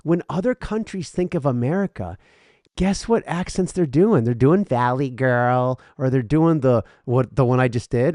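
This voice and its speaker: A man's voice: medium pitch, normal speed, a little mellow, no echo, studio quality. A man co-hosting a casual podcast, rambling and stammering through his points and laughing often. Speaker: podcast co-host.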